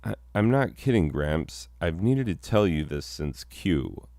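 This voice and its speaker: A man's voice: deep voice, big pitch swings, measured pace, dark tone, no room sound, clean studio sound. A man performing a solo comedy sketch, rambling and self-mocking, breaking into mock-outraged bursts.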